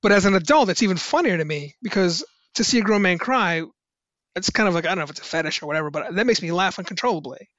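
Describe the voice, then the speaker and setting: High-voiced New man telling stories. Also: expressive, quick pace, a bit bright, no echo, lo-fi sound. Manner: rambling, many fillers and restarts. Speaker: musician guest on a podcast. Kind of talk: casual anecdotal storytelling.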